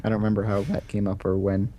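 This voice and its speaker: A man calling in over a video call, mid-pitched and soft-spoken, trailing off and questioning as he talks. A faint hiss and some clicks sit under his voice. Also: monotone, fast. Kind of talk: casual chat.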